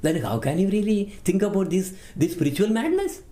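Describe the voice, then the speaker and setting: Animated man teaching a devotional class. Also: high voice, fairly quick. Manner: animated, emphatic, repeats words while teaching. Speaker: spiritual teacher.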